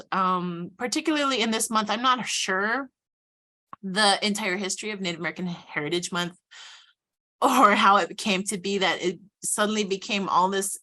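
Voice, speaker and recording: A woman's voice: medium pitch, pushed and bright. A woman speaking earnestly and reflectively as a panelist in a conversational discussion.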